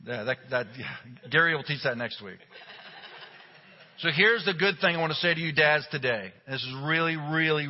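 A middle-aged man, a pastor, delivering a sermon with humorous, animated storytelling. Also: medium pitch, slightly rough. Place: church sanctuary. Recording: dull recording with long hall reverb.

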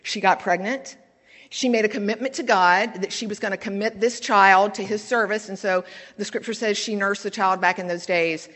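A woman's voice: medium pitch, fairly even intonation, normal speed, a bit bright. A woman preaching a sermon in a church, speaking in a conversational, candid way and telling stories. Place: church sanctuary. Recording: long church reverb.

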